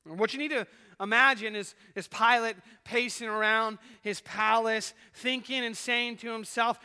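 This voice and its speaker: A man's voice: very high voice, steady tone, normal speed, bright, forceful tone, clean tone. A man preaching a sermon as pastor, earnest and swelling and dropping in volume as he retells a scene. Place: church sanctuary. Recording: echoey church hall.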